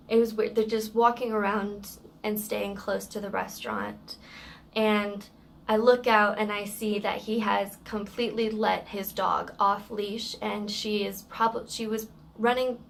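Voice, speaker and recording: A woman's voice: medium pitch, gravelly, a little hiss or hum. A woman telling a story from work in a casual vlog, in a matter-of-fact way with plenty of fillers.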